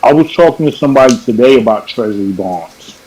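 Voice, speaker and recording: A man's voice: mid-range voice, animated, fast, a little mellow, poor audio. A man from New York on a video call, telling a story in a casual panel chat and correcting himself as he goes. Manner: rambling, self-correcting storyteller.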